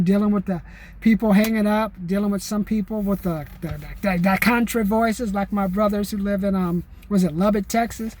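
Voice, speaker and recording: A man vlogging in a rambling, animated way, with many restarts and "man" tags. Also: high-pitched. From California. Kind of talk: casual chat to camera.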